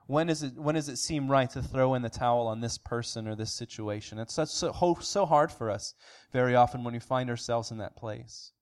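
A man's voice: medium pitch, brisk. A man preaching an earnest sermon as pastor, asking rhetorical questions and restarting phrases now and then. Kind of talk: sermon recap.

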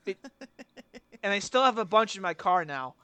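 High-voiced young guy podcast co-host. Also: animated, normal speed, pushed and bright, clean tone, no room sound. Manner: rambling storyteller, swears casually. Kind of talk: casual chat.

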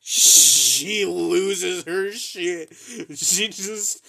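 A young man spins a loose, swearing-heavy anecdote for his podcast. His pitch sits in an ordinary middle range, and he wanders through side remarks and chuckles as he goes. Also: steady tone, a little slow, a bit bright. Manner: rambling, profane, laughs through his own story. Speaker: podcast host. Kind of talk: casual storytelling.

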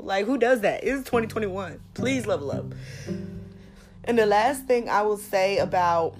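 A woman's voice: mid-range voice, moderate pace. A young woman in her twenties hosting a podcast, talking candidly and emphatically in slangy casual speech, repeating points for weight. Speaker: podcast host. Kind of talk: casual monologue. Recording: music playing underneath.

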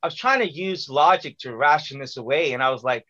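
A man speaks at a medium pitch and a slightly fast pace on a muffled recording. He's telling a long personal story in casual conversation, animated, acting out quotes and using lots of fillers.

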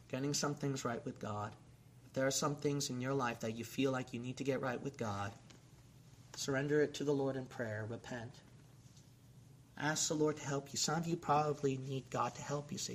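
A man's voice: mid-range voice, a little hiss or hum. A man preaching a sermon and leading an altar call, exhorting his listeners with repeated calls. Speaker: pastor.

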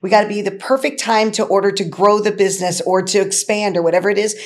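A woman's voice: medium pitch, steady tone, quick pace. A middle-aged woman, co-founder of a nonprofit, talking as a guest with enthusiastic, emphatic energy and a habit of repeating her points. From Indiana, USA. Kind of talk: energetic interview talk.

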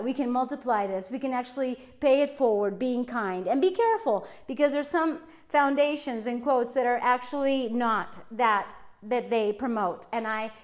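A woman hosting her own podcast, talking alone in an upbeat, motivational and emphatic way. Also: a little high. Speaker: podcast host. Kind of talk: solo podcast monologue.

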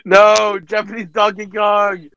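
A man's voice: high voice, monotone, unhurried, crowd noise. Laughing man on a lo-fi mic. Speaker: podcast co-host. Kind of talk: improvised comedy banter.

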